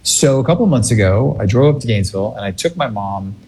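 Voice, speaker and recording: A man telling a funny family story in a casual, animated way, laughing often. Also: fairly low pitch, quick pace.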